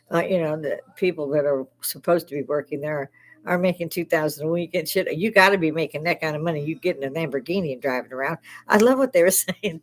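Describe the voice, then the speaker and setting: An older woman hosting a casual livestream from her bar, swearing freely and breaking into laughs often. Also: deep voice. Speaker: livestream host.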